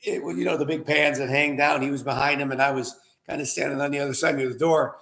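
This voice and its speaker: A man's voice: medium pitch, fairly even intonation, quick pace, creaky, fairly bright tone. A middle-aged man hosting his own wine show, telling a rambling story in a chatty way before a casual tasting. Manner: rambling, chatty, full of fillers and asides. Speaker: winery owner and show host.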